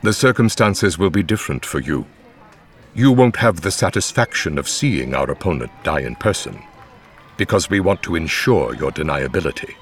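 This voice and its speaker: A man voicing a cold, scheming male alien Sith master in measured, menacing tones. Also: low-pitched, expressive.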